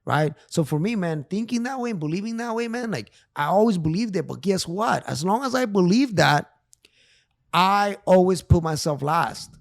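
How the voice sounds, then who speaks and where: This middle-aged therapist, appearing as a guest on a casual podcast, has a high, creaky, animated voice at a normal pace with no room sound. He talks emphatically in street slang, swears often, repeats himself, and keeps restarting his sentences.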